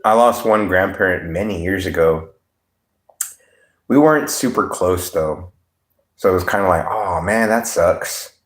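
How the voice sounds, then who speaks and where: A man's voice: low-pitched, normal speed, long pauses. A man hosting a livestream, chatting casually with viewers in a blunt, profane, laid-back way. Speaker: livestream host. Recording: roomy echo.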